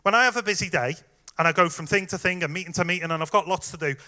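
A man's voice: high-pitched, rapid-fire. A man preaching a sermon in a conversational way, speaking straight to the congregation with the odd "um". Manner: conversational, warm direct address with fillers.

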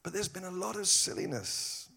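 A pastor preaching a sermon, telling stories with dry humorous asides. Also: male voice, sits high, normal speed, vocal fry, husky. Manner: animated storytelling with humorous asides.

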